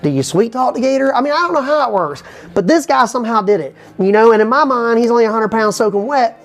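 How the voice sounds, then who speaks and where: Fast-talking rambling comic storyteller man. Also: very high voice. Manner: fast, animated, repeats "you know what I'm saying". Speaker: comedian.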